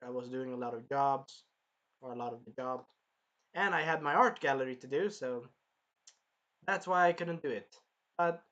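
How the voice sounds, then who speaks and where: A young man hosting his own channel, recapping an anime episode in casual chat, animated and swearing now and then. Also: on the high side, lo-fi sound. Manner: animated, swears, bursts into loud acted-out quotes. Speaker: anime reviewer and channel host.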